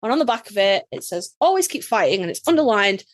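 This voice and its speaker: A woman's voice: medium pitch, quick pace, no room sound, clean studio sound. A woman from Yorkshire with a Yorkshire accent, telling a story in a casual podcast chat, sassy and full of swearing. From Yorkshire, England. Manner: sassy, profane, animated storyteller. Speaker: podcast guest.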